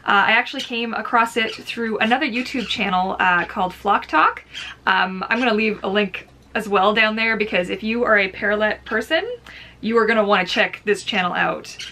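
Bright-voiced woman chatting through an unboxing. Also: medium pitch, normal speed. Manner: chatty, giggly, talks baby talk to her bird. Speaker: vlogger. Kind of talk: casual unboxing vlog.

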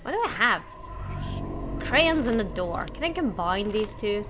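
A woman's voice: medium pitch, very animated, measured pace. Jumpy woman playing a creepy game. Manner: jumpy, exclamatory reactions. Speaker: let's play gamer. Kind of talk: gameplay commentary. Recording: game music underneath.

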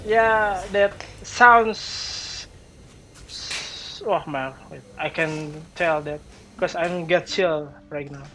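Slow-spoken man reacting with startled exclaims. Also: on the high side, pushed and bright, poor audio. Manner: slow, halting, exclaiming in surprise. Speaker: reaction video host. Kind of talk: reacting to a video, commentary.

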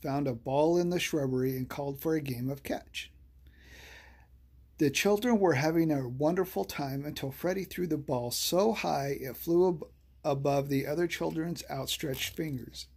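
A storyteller reading a children's bedtime story aloud, slow and soothing. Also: medium pitch, darkish tone, husky.

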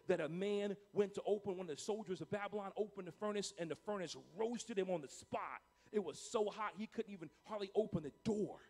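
A male pastor preaching a sermon emphatically and repetitively, swinging between booming and hushed delivery.

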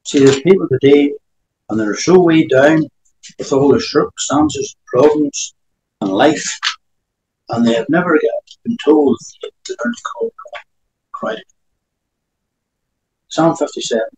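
A man's voice: a little high, sing-song, measured pace, pauses often, a little mellow, reverberant, a little hiss or hum, low-quality recording. A man preaching a sermon, reading scripture aloud between emphatic remarks.

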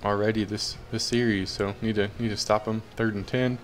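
Cheering and groaning at the action, a young man casually narrates his football video game in a fairly low, even tone. He speaks fairly quickly, with slight background noise in the recording.

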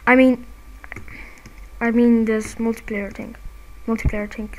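A woman giving casual, excitable commentary while playing a game, quick to get frustrated and quick to apologize. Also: fairly high pitch, slight background noise, low-quality recording. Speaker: gamer and channel host.

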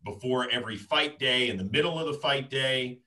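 A man, a sports commentator, telling a story in casual chat, animated and laughing as he acts out what people said. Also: mid-range voice, moderate pace, low-quality recording.

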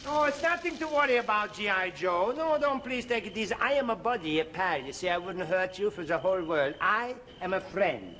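An actor playing a sly foreign spy who poses as a tourist and talks in a put-on funny foreign accent, in a 1960s TV comedy sketch. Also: male voice, high voice, lively intonation, brisk, few pauses, pushed and bright, a little hiss or hum. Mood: wheedling. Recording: band music behind the voice.

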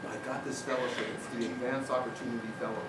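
A man's voice: medium pitch, level tone, quick pace, heavy background noise. An older man giving a university talk, telling a personal story and acting out other people's lines. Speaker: lecturer. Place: university lecture hall. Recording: echoey lecture hall recording, mic far off, loud ambience.

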